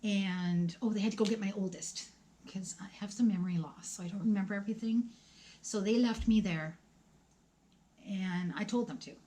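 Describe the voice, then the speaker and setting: A woman's voice: medium pitch, moderate pace, mellow. Woman in her forties telling a personal story. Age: 40s. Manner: conversational, emotional, acts out dialogue, drops to whispers. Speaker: vlogger.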